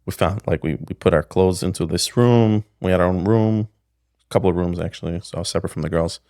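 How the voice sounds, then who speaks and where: Deep gravelly man telling a rambling story. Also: fast talker, a little mellow, no echo, studio quality. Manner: rambling, with many restarts and "like". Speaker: podcast guest, pickle maker. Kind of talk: casual storytelling.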